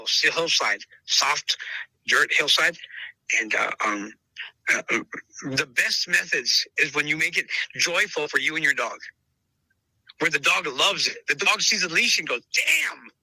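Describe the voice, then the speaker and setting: A man's voice: fairly high pitch, sharp tone, no room sound, poor audio. A man talking emphatically in a casual interview, repeating himself and calling the listener brother. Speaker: podcast host interviewed as dog trainer.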